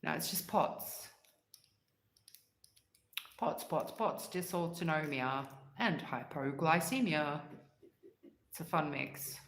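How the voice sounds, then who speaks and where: Woman livestream host, low voice, unhurried and rambling, chatty with frequent laughs; echoey room. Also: expressive, a little hiss or hum. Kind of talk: casual chat answering live comments.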